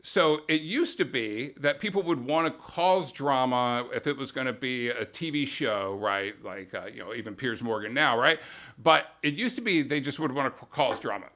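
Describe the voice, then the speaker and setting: A man's voice: medium pitch, normal speed, bright, forceful tone. A man hosting a live stream, explaining media tactics in a casual, emphatic monologue and acting out quotes in mock voices.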